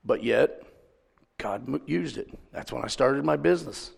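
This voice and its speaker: Gravelly preacher in a reverberant hall. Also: male voice, medium pitch, normal speed. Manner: storytelling, asks the congregation questions. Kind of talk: conversational sermon.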